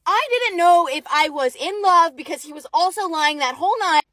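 A young woman telling a funny story about herself in an animated, dramatic way, with emphatic outbursts. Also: very high-pitched, normal speed, no room sound. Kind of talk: comedic storytime monologue.

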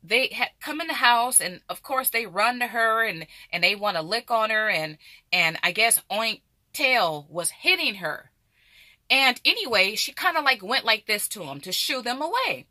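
A woman's voice: a little high, very animated, normal speed, pushed and bright, dry recording, clean studio sound. A middle-aged woman vlogger chatting animatedly and directly to her viewers. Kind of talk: casual chat to camera.

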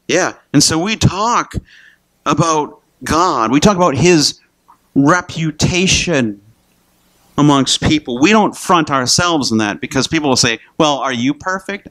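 A man's voice: a little high, fairly bright tone. A male pastor preaching a sermon in a conversational way, speaking to members of the congregation by name and often repeating words as he starts a phrase.

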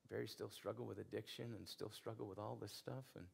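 A male pastor preaches with a low, gravelly voice that carries a husky edge. His sermon moves in earnest, conversational storytelling. He leans on repeated phrases for emphasis. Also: fairly even intonation, a little fast.

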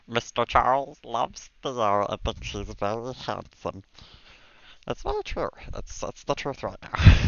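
A man's voice: medium pitch, lively intonation, slow, gravelly, pauses often, fairly bright tone, no room sound. A man streaming from home, coaxing his cat with baby talk and laughing often. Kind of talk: casual live-stream chat. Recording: dull dry sound.

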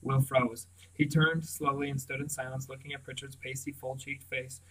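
A man's voice: medium pitch, flat delivery, normal speed, a bit bright, recorded from a distance, rough recording. Man reading a novel aloud. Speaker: audiobook reader. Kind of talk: storybook read-aloud narration.

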